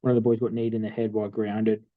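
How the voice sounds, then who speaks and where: A young Australian man co-hosting a podcast, telling stories in a relaxed way with many fillers. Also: on the low side, fast talker, no room sound, phone-quality sound. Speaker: podcast co-host. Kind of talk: casual chat.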